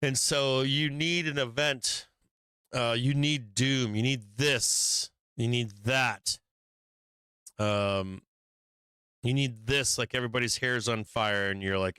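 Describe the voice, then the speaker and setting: A man talks through stock charts in a blunt, rambling, profane way, with plenty of ums and asides. His voice is bright and smooth. It is recorded dry and close. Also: medium pitch, fairly even intonation, slow pace, no echo. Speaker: stock market show host. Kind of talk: casual trading commentary.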